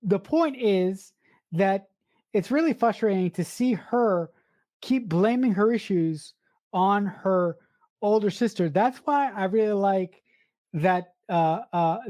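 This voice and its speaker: A woman's voice: medium pitch, warm tone, dry recording, clean studio sound. A woman co-hosting a podcast, talking through a film earnestly and thoughtfully. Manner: earnest and reflective, with restarts. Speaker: podcast co-host. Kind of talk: casual film discussion.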